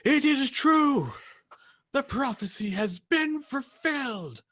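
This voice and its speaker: Man playing a theatrical, excitable shopkeeper who turns from grand proclaiming to pushy haggling. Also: on the low side, takes it slowly. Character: excitable male market shopkeeper who believes in a prophecy.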